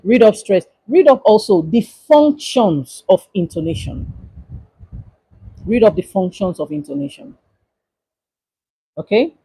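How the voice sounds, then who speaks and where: Lecturer, husky. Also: medium pitch, warm tone, no room sound, low-quality recording. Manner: repetitive, emphatic instructions to students. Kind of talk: exam-review livestream lecture.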